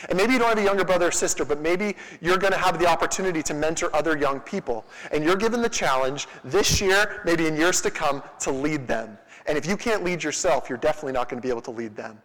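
A young male youth pastor preaching with lively, chatty energy and quick asides. His voice sits high for a man. The sound carries a long reverb from a big hall. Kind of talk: youth sermon.

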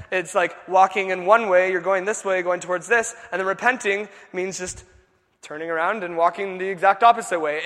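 Give me a young male preacher with a bright, high voice, echoing in a big hall. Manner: animated, casual retelling with many "like" fillers. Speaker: youth pastor. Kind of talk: sermon. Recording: long echo of a large hall.

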